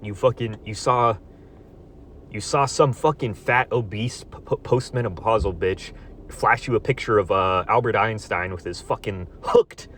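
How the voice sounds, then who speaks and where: A man's voice: fairly low pitch, measured pace. Foul-mouthed young man ranting. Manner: angry, sarcastic, swears constantly, jumps between loud outbursts and mutters. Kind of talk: profane ranting monologue.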